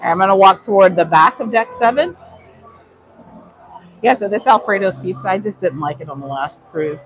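This rough recording has a little hiss or hum under a woman's medium-pitched voice, which moves at a normal speed. She's a vlogger giving a chatty live walking tour of a cruise ship's indoor decks, slightly out of breath as she answers chat questions.

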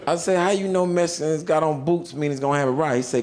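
A man doing stand-up, telling a prison story and acting out the other characters in a deep voice. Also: fast talker, few pauses, a little mellow. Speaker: stand-up comedian. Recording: stand-up set played back with audience noise. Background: audience laughter.

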